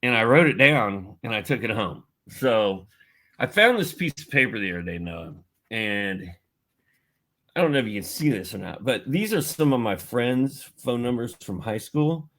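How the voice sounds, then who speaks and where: A man's voice: lowish voice, lively intonation, moderate pace, fairly bright tone. A middle-aged man from Indiana, a podcast guest animatedly telling a personal story and acting out the voices he quotes. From Indiana, USA. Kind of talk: storytelling in a casual podcast chat.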